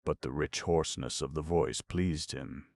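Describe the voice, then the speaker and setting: A man narrates an audiobook in a measured, expressive reading. His voice is very deep with a gravelly edge. The sound is dry and close, with no room around it. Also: no room sound. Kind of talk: scripted narration.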